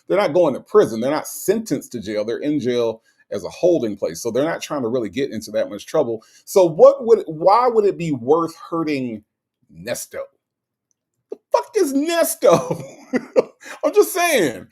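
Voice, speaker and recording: A man's voice: a little high, big pitch swings, moderate pace, few pauses, darkish tone, breathy edge. A man hosting a live stream in casual, slangy commentary. He reads out chat comments and fires back rhetorical questions, often repeating himself. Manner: slangy, conversational.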